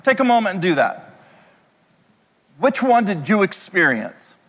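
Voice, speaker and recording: A pastor delivering a sermon in a conversational way, throwing rhetorical questions at the congregation. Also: male voice, high-pitched, very animated, unhurried, a bit bright. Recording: echoey hall reverb.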